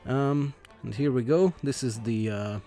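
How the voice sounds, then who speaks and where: A man commenting on a video game he plays, reading the game's text aloud in his own plain voice and talking in a halting way, with many fillers and restarts. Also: medium pitch, dark tone, soft background music. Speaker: let's play host.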